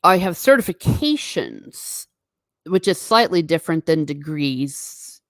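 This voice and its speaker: A woman's voice: deep voice, sing-song, takes it slowly, dry recording, clean studio sound. A woman hosting a live stream, chatting casually and reading viewer comments aloud with frequent laughs. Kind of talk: casual chat. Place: home.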